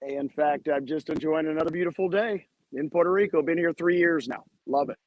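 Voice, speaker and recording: A man with a notably high voice tells stories with enthusiasm and brings quoted conversations to life. The sound is dry and close, with almost no room around it. He joins as the guest over a video call. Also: fairly quick, no echo, narrow, tinny audio. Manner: enthusiastic, acts out quoted dialogue. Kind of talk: animated storytelling in a podcast interview.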